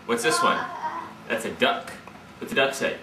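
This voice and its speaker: A man's voice: medium pitch, wildly swooping pitch, normal speed, roomy sound. A man quizzing a toddler on animal sounds in a home video, making the sounds himself. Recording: very noisy home video recording.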